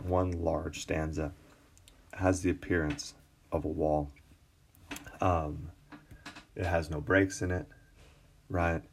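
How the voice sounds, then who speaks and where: A man teaching an English class in a screencast lecture, relaxed and full of fillers and restarts. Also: low-pitched. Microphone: tablet recording.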